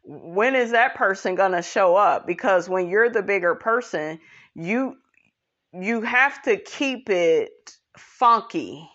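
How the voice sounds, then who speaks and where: A woman's voice: lively intonation, slow pace, fairly bright tone. A woman giving blunt, sassy and profane celebrity gossip commentary as a vlogger. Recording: dull low-fi audio.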